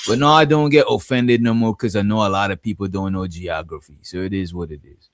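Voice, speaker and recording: A man's voice: lowish voice, fairly even intonation, a little fast, a little hiss or hum. A man from Guyana with a Guyanese accent, hosting a casual livestream and rambling, often asking "you know what I'm saying". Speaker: livestream host.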